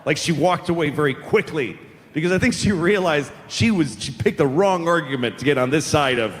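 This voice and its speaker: A man in his forties telling a stand-up story in a profane, deadpan way, live on stage before an audience. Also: a little high, fairly quick, slight background noise. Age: 40s. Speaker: stand-up comedian. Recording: live hall recording with long reverb.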